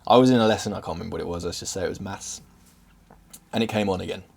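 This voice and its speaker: A young man with an English accent speaks straight to his viewers in a slightly low voice. He is earnest and open about a hard memory. His words sometimes trip over each other as he goes. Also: racing, creaky, a little mellow, slightly rough. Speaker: vlogger. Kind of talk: candid personal storytelling.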